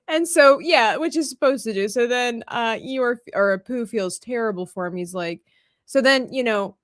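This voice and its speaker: A woman's voice: on the high side, measured pace, dry recording, studio quality. A woman in casual chat, animatedly retelling a storybook tale and laughing as she goes. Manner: animated storyteller who acts out lines with laughter. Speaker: podcast co-host.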